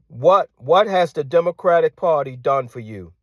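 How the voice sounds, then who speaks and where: Ranting man, rather high, dry sound. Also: lively intonation, moderate pace, few pauses, dry recording. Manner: combative, repeats phrases and rhetorical questions; drops to hushed tone at times. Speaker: commentator. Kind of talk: ranting monologue.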